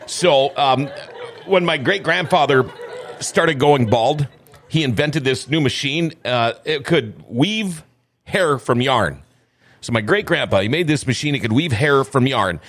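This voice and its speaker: A man's voice: mid-range voice, lively intonation, measured pace, a bit bright. A man hosting a radio show, chatting casually with a guest and chuckling often. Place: radio studio.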